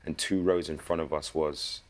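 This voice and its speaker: A man, an actor guest telling lively stories in a casual interview. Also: very deep voice, normal speed. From England. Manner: animated storytelling with slang.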